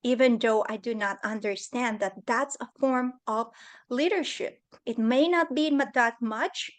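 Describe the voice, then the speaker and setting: A woman's voice: fairly high pitch, unhurried. A middle-aged woman giving an earnest, emotional talk about leadership over a video call. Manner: earnest, emotional, acts out quoted voices. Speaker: guest speaker. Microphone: computer on a video call.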